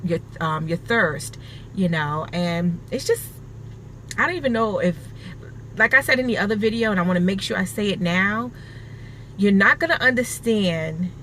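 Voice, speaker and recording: A woman's voice: medium pitch, a little hiss or hum. A woman vlogger talking casually and earnestly to camera, rambling and repeating herself for emphasis. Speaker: vlogger sharing her weight-loss surgery recovery.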